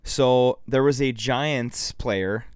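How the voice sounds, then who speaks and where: A man talks casually on a podcast, telling a story and setting up a clip for the group. His voice is smooth and resonant, recorded dry and close. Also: mid-range voice, slow, no echo. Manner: relaxed, storytelling, sets up clips for the group. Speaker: podcast co-host.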